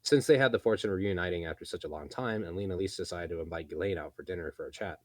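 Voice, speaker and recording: A man reading a light novel aloud as narrator, steady, with small slips and self-corrections. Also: sits low, very fast, no echo.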